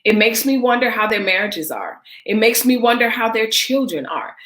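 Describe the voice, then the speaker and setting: Bright-voiced woman ranting emphatically. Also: on the high side, animated, moderate pace. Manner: emphatic, talks straight to viewers with repeated phrases. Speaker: vlog host. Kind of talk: casual opinion rant on a livestream. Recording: roomy echo.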